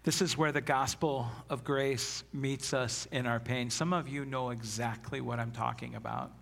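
A man's voice: medium pitch, steady tone, normal speed, creaky, a bit bright. A man preaching a sermon as pastor, earnest and emphatic, reading scripture aloud.

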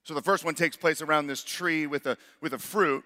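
A man's voice: on the high side, fairly even intonation, a little fast, sharp tone. Earnest man preaching in a reverberant hall. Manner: earnest, builds to emphatic rhetorical questions. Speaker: pastor. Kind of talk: sermon.

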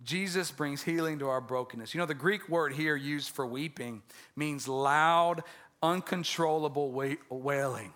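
A man's voice: a little high, unhurried, a bit bright. A man preaching a conversational Easter-style sermon as pastor, joking with the congregation and often restarting his words.

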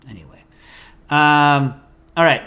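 A man hosting a food call-in show, chatting casually and answering listener questions in an opinionated, animated, digressive way. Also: on the high side, slow pace, smooth.

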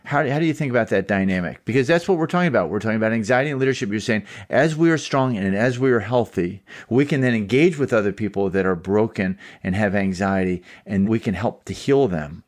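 A man's voice: on the low side, fast talker, few pauses. A male podcast host asking long, probing questions and thinking aloud as he goes. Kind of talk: interview questions.

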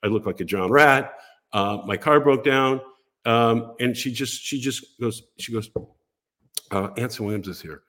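This older American man, a podcast guest, is unhurried as he tells his story in a mid-range voice. He stays casual and animated, giving voice to each person he quotes.

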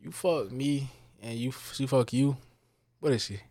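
A man's voice: medium pitch, moderate pace, mellow, dry recording. Blunt, profane young man, dry sound. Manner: blunt, profane, slangy, laughs often. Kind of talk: casual podcast chat.

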